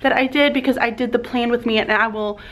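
Chatty teacher, fairly high voice. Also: female voice, steady tone, fast. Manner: rambling, chatty, many fillers. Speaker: teacher vlogger. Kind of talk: casual classroom vlog chat. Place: empty classroom with lights off.

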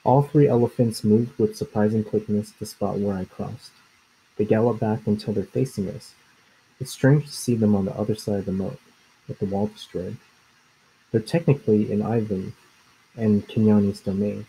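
A man reads a children's story aloud in the first person, measured and unhurried. His voice is low, gravelly and very dark. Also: fairly even intonation, poor audio. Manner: measured and plain. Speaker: audiobook narrator.

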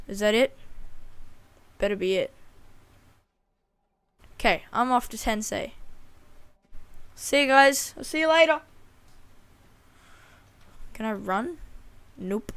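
A woman casually commenting as she plays a video game, chatty and playfully talking to the animals on screen. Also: medium pitch. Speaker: gaming channel host. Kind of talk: casual let's-play commentary.

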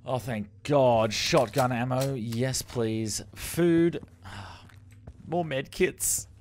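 A man hosting a gaming channel, giving animated let's-play commentary and exclaiming at the screen. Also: medium pitch, extremely slow, a little hiss or hum. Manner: animated, exclaiming, addresses viewers as legends.

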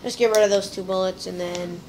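A woman's voice: mid-range voice, steady tone, brisk, darkish tone, a little hiss or hum, low-quality recording. A woman hosting a gameplay video, chatting playfully to her viewers as she plays. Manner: chatty, playful, talks to viewers while playing. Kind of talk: casual gameplay commentary.

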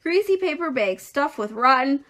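A woman's voice: high voice, lively intonation, normal speed, a bit bright, voice pushed up. A woman voicing a knowing, persuasive old female sheep in a storybook, lingering over each word.

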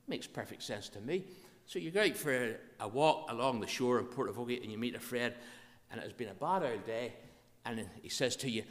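Northern Irish minister in a reverberant church. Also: male voice, mid-range voice, big pitch swings, normal speed, a bit bright. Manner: earnest, conversational, anecdotal preaching. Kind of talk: sermon and pulpit prayer. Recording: reverberant church hall sound.

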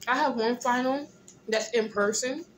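A groggy, tired young woman, casually chatting in a vlog from a hospital room, often clearing her throat. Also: a little high, moderate pace, a little hiss or hum. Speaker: vlogger. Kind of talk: casual vlog chat while eating.

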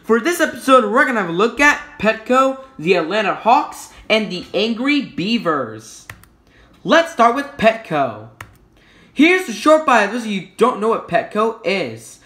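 Playful male YouTube host, bright and animated delivery, echoey room. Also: high-pitched. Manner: playful and jokey, self-correcting with quick apologies. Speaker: YouTube logo history host. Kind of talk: casual explanatory commentary.

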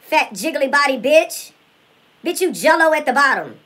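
A woman's voice: sits high, big pitch swings, normal speed, a bit bright, low-quality recording. A woman impersonating a brash, foul-mouthed woman vlogger in a comedic spoof, ranting at her haters with nonstop profane insults. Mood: furious. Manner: profane, insult-hurling trash talk.

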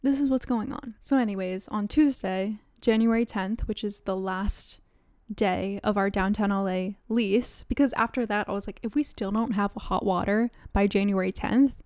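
A woman's voice: mid-range voice, normal speed, a little mellow, smooth, no room sound, clean studio sound. A young woman in her twenties hosting a podcast, telling a story in casual chat, laughing often, swearing and acting out quoted lines. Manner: laughs often, swears, many likes, dramatic quoted voices. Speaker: podcast host.

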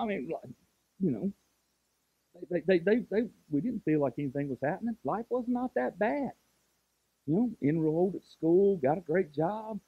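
A man's voice: high-pitched, breathy edge, no room sound, narrow, tinny audio. A pastor in his forties preaching a sermon as a story, with emphatic rises and frequent restarts. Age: 40s.

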